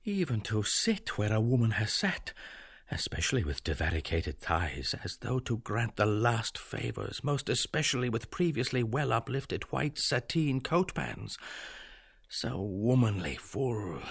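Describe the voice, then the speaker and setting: A man's voice: mid-range voice, big pitch swings, unhurried, creaky, slightly rough, heavily acted. An actor playing an abject, self-reproaching man who confesses fervently in a radio drama. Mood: confessional.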